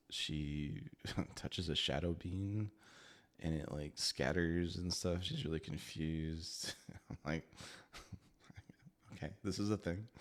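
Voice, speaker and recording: A man casually reviewing a book, chatty and laughing often as he talks. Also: deep voice.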